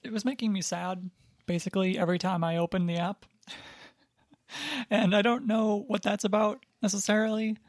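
A podcast co-host chats casually in a loose, rambling way, hedging a lot, leaning on fillers and little asides, with a deadpan streak. The mid-range voice carries a gravelly fry and moves at a normal speed. The recording is dry and close, with no room sound at all.

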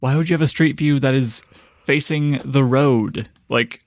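A man co-hosting a casual chat, joking and sarcastic with quick quips. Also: mid-range voice, dry recording, clean studio sound. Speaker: podcast co-host.

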